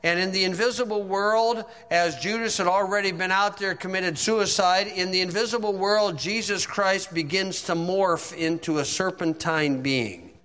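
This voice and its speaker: Male preacher, vivid dramatic storyteller, sharp bright tone, long hall reverb. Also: sits high, steady tone, normal speed, few pauses. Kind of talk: sermon.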